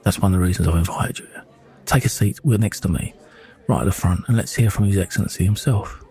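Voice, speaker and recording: Poised Russian hostess, Russian accent, formal and polite, read by a man in a dark, husky voice. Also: deep voice, fast talker, exaggerated voice. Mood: gracious. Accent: Russian, as put on.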